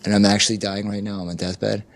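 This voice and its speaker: Gravelly low-voiced man telling stories. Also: fast talker. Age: middle-aged. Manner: animated storyteller acting out quoted people, frequent "you know". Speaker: interview guest, life coach and barista. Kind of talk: candid conversational storytelling.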